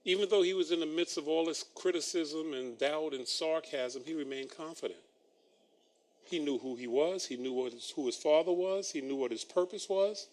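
A man's voice: on the high side, moderate pace, darkish tone. A man preaching a sermon, reading scripture and breaking in with wry asides and chuckles.

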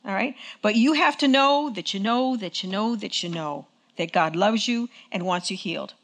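Preaching in church at normal speed, a woman uses a medium-pitched, fairly bright voice and a conversational manner. She keeps checking in with the congregation, leads call and response, and often asks "okay?".

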